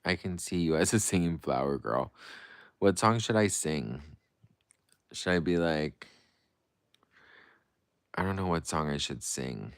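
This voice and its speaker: A man's voice: rumbling low, expressive, normal speed, no echo, clean studio sound. A man hosting a livestream who reads out viewer comments and answers them in a playful, dramatic, gushing way. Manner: playful and dramatic, swings between breezy and gushing. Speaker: livestream host. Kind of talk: casual livestream chat reading comments.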